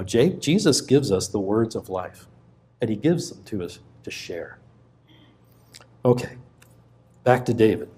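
Man preaching a sermon, halting restarts. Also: fairly low pitch, dark tone. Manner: conversational, halting with many restarts. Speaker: pastor. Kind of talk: sermon with personal story.

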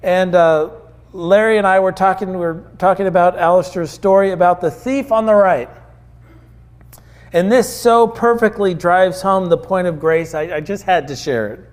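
A man's voice: sits high, normal speed. A male preacher giving a sermon in an earnest, conversational storytelling manner.

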